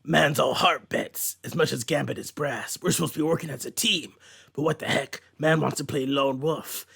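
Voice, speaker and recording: A man voicing a gruff, clawed male comic book hero, reading slower and lower. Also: fairly even intonation, fairly bright tone, heavily acted.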